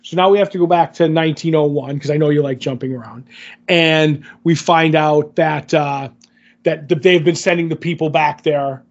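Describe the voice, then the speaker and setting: Rambling man, slightly high voice, lo-fi. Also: steady tone, moderate pace. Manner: rambling, filler-heavy retelling. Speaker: podcast co-host. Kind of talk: casual episode recap.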